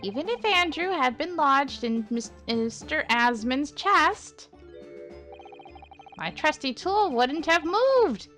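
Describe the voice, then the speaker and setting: A giddy, eccentric male scientist , as a woman reads him aloud, pitched well above her usual voice and louder, sure of his own calculations and crowing with glee. His lines bounce with a swooping, lively melody. Faint music sits underneath. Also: full character voice. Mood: confident. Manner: gleeful, triumphant, high and quick. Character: excitable eccentric male scientist, self-assured.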